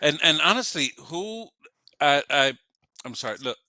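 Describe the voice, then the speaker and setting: A man's voice: fairly high pitch, expressive, normal speed, bright, forceful tone, no echo. A man from New York with a New York accent, co-hosting a casual podcast, hesitant and blunt with many restarts. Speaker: podcast co-host.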